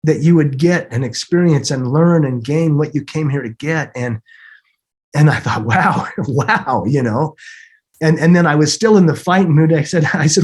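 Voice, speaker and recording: A man in his fifties, a podcast guest, telling an emotional personal story in an earnest way, often repeating words and laughing softly. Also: a little high, moderate pace. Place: home, snowing outside.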